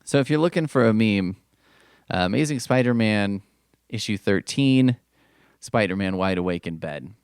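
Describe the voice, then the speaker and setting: Man, podcast host, casual rambling chat, swears a lot, smooth voice, dry sound. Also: fairly low pitch, animated, normal speed, no echo. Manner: rambling, profane, full of asides. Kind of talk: casual comic book commentary.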